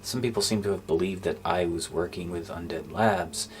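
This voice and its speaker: A man talking casually to his gaming channel's viewers in a subdued, low-spirited way, halting with fillers and sometimes dropping to a near-whisper. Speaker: gaming YouTuber. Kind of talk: casual thank-you vlog. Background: faint background music.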